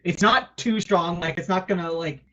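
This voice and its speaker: Amused laid-back game master. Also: male voice, sits high, normal speed, sharp tone, highs cut off. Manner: casual, amused, laughs often. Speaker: dungeon master. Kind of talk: running a tabletop game live stream.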